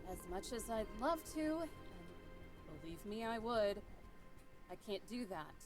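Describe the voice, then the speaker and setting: A dutiful young park ranger in a game trades dry comebacks. Her pitch rises and falls freely while music plays clearly behind her. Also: very animated, measured pace. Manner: dry, level retorts.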